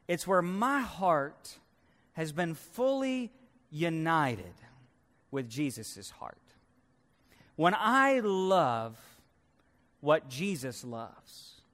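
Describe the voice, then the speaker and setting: A man pastor preaching a sermon emphatically, swinging from loud peaks to hushed, drawn-out lows. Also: long reverb tail.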